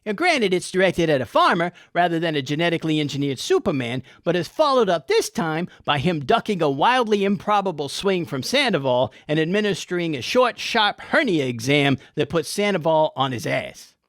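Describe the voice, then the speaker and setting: A man's voice: on the high side, very animated, normal speed, few pauses, fairly bright tone, no echo, clean studio sound. A man hosting a comic episode review, with irreverent, folksy and profane wit. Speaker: host.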